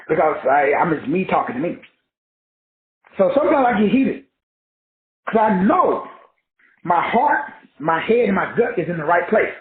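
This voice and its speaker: A man in his sixties, giving a casual, profane, preachy spiritual talk. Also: sits high. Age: 60s. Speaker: spiritual teacher. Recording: tinny phone-like audio in an echoey room.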